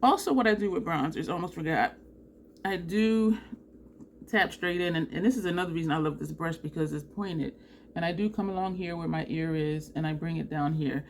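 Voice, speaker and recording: A woman from New Jersey chatting casually through a makeup tutorial, animated and laughing often. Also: low voice, a little fast, a little hiss or hum. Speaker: beauty vlogger.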